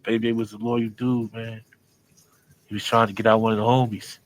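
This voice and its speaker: A man's voice: on the low side, little pitch movement, moderate pace, slight background noise, low-quality recording. A man telling a street story in casual, profane slang as a guest on an interview show. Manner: profane, street slang, acts out the other people in his story.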